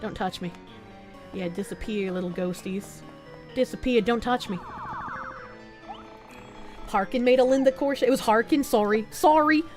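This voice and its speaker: A woman's voice: a little high, normal speed, long pauses, soft background music. A young woman streaming a game, chatting casually and swearing as she jokes with her chat. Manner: animated, swearing, joking with chat, frequent laughs.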